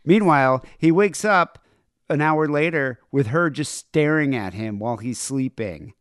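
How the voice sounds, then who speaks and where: Male co-host, casual profane banter, wry laid-back delivery, mid-pitched, dry close mic. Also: lively intonation, measured pace, smooth, dry recording. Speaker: podcast co-host.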